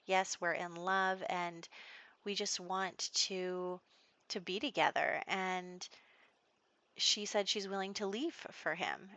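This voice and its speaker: Chatty, bright-voiced woman narrating gameplay. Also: on the low side, no room sound. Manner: chatty, giggly, lots of fillers like "you know". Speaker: Sims let's play host. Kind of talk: casual storytelling gameplay narration.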